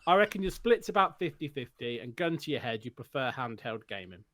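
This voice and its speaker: A British man co-hosting a podcast in casual chat, telling stories in an animated, teasing way. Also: medium pitch, a little fast, a crowd in the background. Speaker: podcast co-host.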